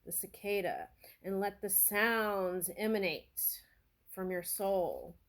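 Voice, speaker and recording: A woman giving a spiritual tarot reading, talking slowly and earnestly and thinking aloud as she goes. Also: medium pitch, heavy background noise. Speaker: tarot reader.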